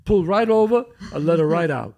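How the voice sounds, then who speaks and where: A man's fairly quick, high-leaning voice carries a story he tells as a podcast host in casual chat, animatedly performing what each person said.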